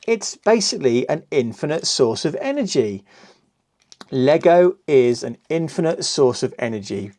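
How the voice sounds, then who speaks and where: Brief: middle-aged man, unhurried, rambling self-mocking builder talk. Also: a little high, big pitch swings, a little mellow, dry recording. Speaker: LEGO reviewer host. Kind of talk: casual build commentary.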